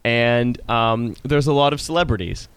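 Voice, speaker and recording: A man's voice: mid-range voice, normal speed, a bit bright, clear, resonant tone. A man chatting as a podcast guest in a studio, self-deprecating and rambling. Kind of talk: casual podcast chat.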